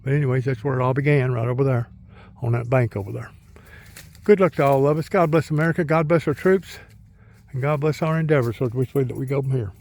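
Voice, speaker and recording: A man's voice: mid-range voice, fast talker, a little mellow. A middle-aged man, rambling in a folksy way while he walks outdoors and talks to his dog. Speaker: vlogger. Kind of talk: casual outdoor vlog. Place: outdoors in the countryside by a pond.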